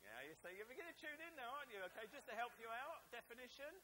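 A man's voice: extremely high pitch, racing, slight background noise, low-quality recording. A man from Essex with an Essex accent, preaching a playful sermon and jokingly quizzing his congregation. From Essex, England. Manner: jokey, animated, teasing the congregation. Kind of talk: playful sermon with audience quiz.

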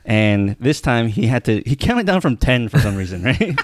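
A man co-hosting a podcast, setting up a clip in relaxed casual chat. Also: mid-range voice, moderate pace, no echo. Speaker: podcast co-host.

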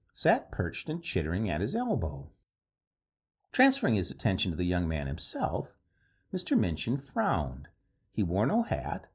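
A man narrating a story aloud in an expressive, animated reading style. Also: fairly low pitch, breathy edge.

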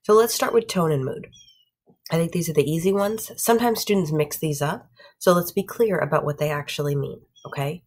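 A woman's voice: low voice, brisk, a little mellow. A woman teaching a middle school class, explaining patiently with everyday examples and checking in with "okay?" and "right?" after each point. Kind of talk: classroom lecture.

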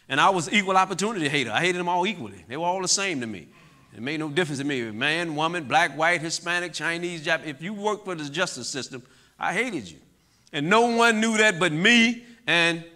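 A middle-aged man giving an impassioned testimony talk to a church audience, moving between loud outbursts and quiet, heavy moments. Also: fairly high pitch. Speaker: guest speaker. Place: church hall.

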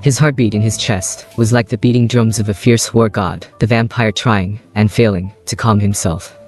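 A man narrating a fan fiction story in a steady, even read-aloud manner. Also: fairly low pitch.

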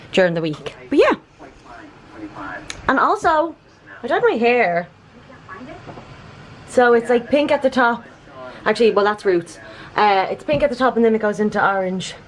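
A woman's voice: mid-range voice, normal speed, pauses often, poor audio. Chatty young Irish woman vlogging. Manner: chatty, rambling, lots of fillers and laughs. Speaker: travel vlogger. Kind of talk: casual vlog chat. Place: outdoors on walks and indoors in a hotel.

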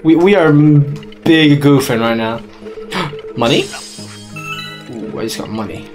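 A man's voice: medium pitch, expressive, measured pace, darkish tone. A young man streaming a video game, chatting casually and laughing with a friend while fussing over audio levels. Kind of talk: casual gaming chat. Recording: game music playing under the voice. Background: game music.

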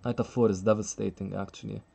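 A man's voice: on the low side, flat delivery, quick pace, creaky, warm tone, husky. Chatty man commentating a chess stream. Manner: chatty, laughs often, thinks aloud with many fillers. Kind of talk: live stream commentary, reading chat.

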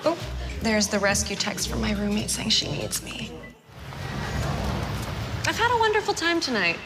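A woman's voice: mid-range voice, very animated, normal speed. A woman acting in a comedy skit, speaking in a breezy, blunt way. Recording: loud music bed.

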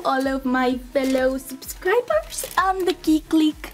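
A woman's voice: high-pitched, slow, hardly any pauses, faint music behind. A young woman chatting casually to her camera at home, giggly and casually swearing. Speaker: vlogger. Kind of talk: casual chat. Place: home, indoors by a balcony door. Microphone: camera mic.

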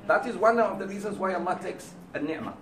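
A man lecturing a class of women, his voice rising and falling in an animated way and slipping into the voices of the people he quotes. His pitch sits a little high for a man. He is recorded from across an echoey room, with a faint hiss behind him. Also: quick pace. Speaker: Islamic teacher. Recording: roomy, distant mic, faint background.

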